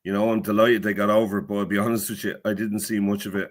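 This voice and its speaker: A man's voice: lowish voice, little pitch movement, quick pace. An Irish man as a podcast guest in casual chat, rambling and self-deprecating with many hesitations.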